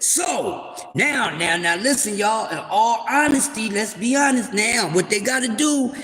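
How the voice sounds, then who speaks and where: Loud rambling man on a livestream. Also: high voice, lively intonation, measured pace, big-room sound. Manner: loud, rambling, playful trash talk with shout-outs. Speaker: livestream host. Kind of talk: casual sports talk livestream.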